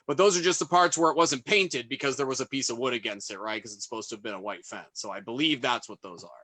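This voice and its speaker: A man's voice: medium pitch, quick pace, sharp tone. A man who is a museum historian, talking in a casual, hesitant way with lots of fillers and restarts. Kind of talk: casual expert discussion.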